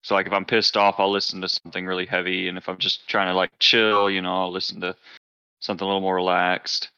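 Casting: man, low and bright, blunt and sweary, podcast co-host, dry close sound. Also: monotone, fast talker, clean tone, no echo, dull audio. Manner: blunt, profane, laughs often. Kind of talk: casual chat.

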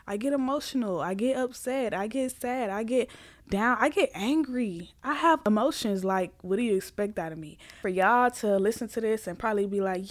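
A woman's voice: a little high, lively intonation, moderate pace, no room sound. A woman hosting a candid solo podcast, speaking earnestly and emphatically and repeating her points for stress. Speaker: podcast host.

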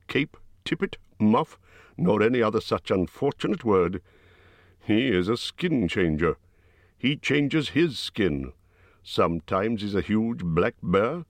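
A man's voice: lowish voice, dry recording. A man voicing an old male wizard who is stern, testy and lecturing.

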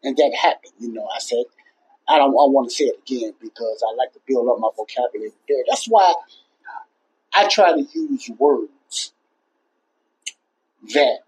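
Husky-voiced man giving casual Christian talk. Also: medium pitch, animated, moderate pace, long pauses, a little mellow, low-quality recording. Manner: rambling, repeats himself, plain-spoken. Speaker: podcast host. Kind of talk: casual Christian teaching monologue.

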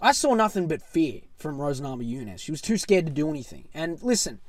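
A man hosting a casual solo podcast, talking excitably and with plenty of swearing, swinging from loud bursts to low mutters. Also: fairly quick. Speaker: podcast host.

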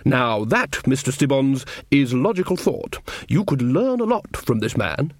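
A man voicing a blustering older male wizard chief who stammers and raises his pitch in an audiobook. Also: big pitch swings, unhurried, dry recording, clean studio sound. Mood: bluff.

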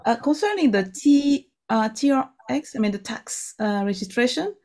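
A woman from Congo who asks a question in a live online Q&A, speaking haltingly with many fillers. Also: fairly high pitch, sing-song, a little mellow. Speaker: audience member asking a question.

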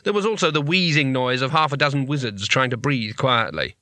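A man reads a comic fantasy novel aloud with wry, measured timing. His voice is bright and forward, and the studio recording is dry and close. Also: medium pitch, lively intonation, no echo. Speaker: audiobook narrator. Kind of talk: scripted narration.

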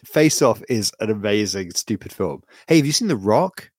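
A rambling man with a fairly low voice, co-hosting a loose podcast chat over a call. He tells stories in an animated way and acts out the quotes. The sound is dry and close. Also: normal speed, slightly rough, no echo. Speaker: podcast co-host. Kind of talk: casual chat.

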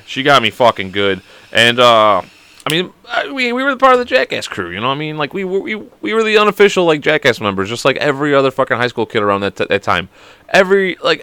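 A young man hosting his own podcast, telling high school stories in a rambling, profane way and laughing at them. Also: bright, forceful tone, clear, resonant tone, no echo. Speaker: podcast host. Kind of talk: casual storytelling monologue.

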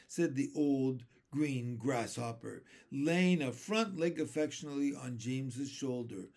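A man reading a children's book aloud in an expressive storybook voice. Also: medium pitch, a little slow, few pauses. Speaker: reader.

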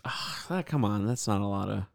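A young man hosting a casual podcast chat, relaxed and rambling with lots of fillers. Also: on the low side, moderate pace, creaky, no room sound, clean studio sound. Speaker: podcast host.

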